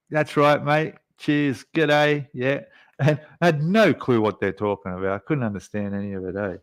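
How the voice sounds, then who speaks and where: On a dry recording, an Australian man whose voice sits on the low side chats his way through a casual live stream. He rambles, reads viewer comments, and fills gaps with plenty of fillers.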